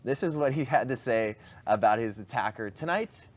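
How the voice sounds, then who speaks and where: A man's voice: medium pitch, fairly quick. A man hosting a studio talk show, chatting casually and laughing often. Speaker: show host. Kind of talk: casual political chat.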